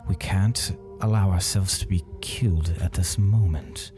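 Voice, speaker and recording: A resolute, grim woman with a deep voice, as a man puts her on in a tabletop game. The voice sits low and mellow. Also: measured pace, faint music behind.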